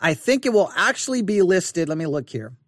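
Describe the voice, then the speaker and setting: Male Bible teacher, high voice, dry close sound, earnest and repetitive, online lesson. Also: sing-song, dry recording. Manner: repetitive, earnest, restarts and emphatic slow repeats.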